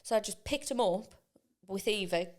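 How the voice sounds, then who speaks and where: A woman chats on a podcast at a middling pitch. She tells everyday stories in a lively way and acts out what other people said. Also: moderate pace. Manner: chatty storyteller acting out quoted voices. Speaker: podcast co-host. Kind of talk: casual chat.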